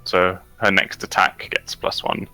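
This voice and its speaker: A man's voice: a little slow, pushed and bright, no room sound, faint music behind. A man playing a tabletop game, thinking aloud with hesitant ums. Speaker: player. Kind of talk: casual tabletop game play.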